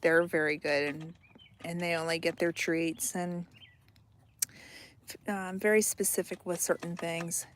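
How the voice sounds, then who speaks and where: A woman's voice: lowish voice, flat delivery, a little slow, pauses often, slight background noise. Chatty laughing woman by her chickens. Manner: chatty, laughs often, trails off and repeats herself. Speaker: homesteading vlogger. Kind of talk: casual chat to camera. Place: outdoors by a backyard chicken coop.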